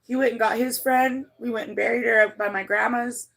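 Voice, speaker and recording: Gravelly-voiced woman telling a story on a livestream. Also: fairly even intonation, normal speed, a bit bright. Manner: rambling, blunt, swears freely, many restarts; emotional, voice climbs high when moved. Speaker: livestreamer reading her chat.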